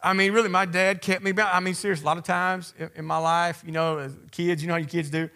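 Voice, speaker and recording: A pastor delivering a sermon, his voice sitting a little higher than most men's. He talks to the congregation in a conversational way and calls out to them directly. He drives his points home with emphasis. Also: flat delivery, quick pace, pushed and bright.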